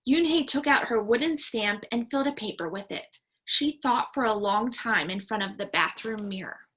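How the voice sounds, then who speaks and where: A woman's voice: fairly high pitch, expressive, moderate pace, a bit bright, slightly rough. A woman teacher reading a picture book aloud to students, stopping to ask the class questions.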